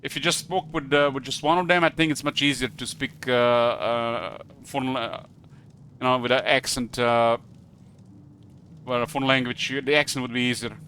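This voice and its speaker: Gaming on a live stream, a Croatian-accented man chats casually in English, his second language, rambling with many hesitant fillers. His medium-pitched voice is sharp in tone and steady, at a moderate pace. Slight background noise is present.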